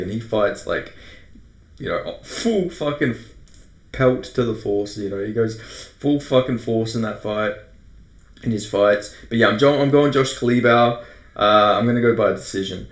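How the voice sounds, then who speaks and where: An Australian man giving casual, rambling fight predictions, swearing often and correcting himself as he goes. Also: lowish voice. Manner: rambling, profane, self-correcting. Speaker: MMA predictions host. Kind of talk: casual fight breakdown monologue. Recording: roomy echo.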